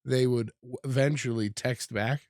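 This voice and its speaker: A man chatting as a podcast guest, telling stories in a laid-back way with halting restarts. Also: mid-range voice, steady tone, darkish tone, dry recording, studio quality. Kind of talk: casual chat.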